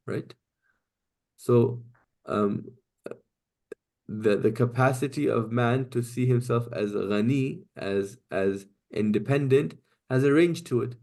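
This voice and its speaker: Gravelly man teaching a class. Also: mid-range voice, darkish tone. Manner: explains step by step with frequent checks like "right?" and "okay?". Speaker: Quranic Arabic teacher. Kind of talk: online class lecture.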